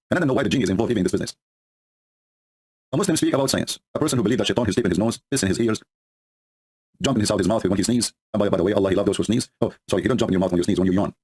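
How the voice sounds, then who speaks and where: A man speaking broken rattles through a mocking monologue at a very fast clip. His voice is husky, and his pitch leaps up and down as he scoffs. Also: darkish tone. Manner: sarcastic, mocking, broken English. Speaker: host of a religious debate stream.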